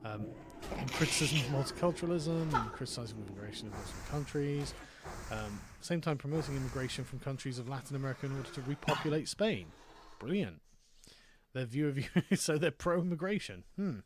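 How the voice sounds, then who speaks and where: A man's voice: medium pitch, lively intonation, fairly quick, background noise. A man, streaming and chatting casually, reading text aloud and riffing on it with sardonic mock outrage. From Britain. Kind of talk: casual chat while gaming and reading aloud.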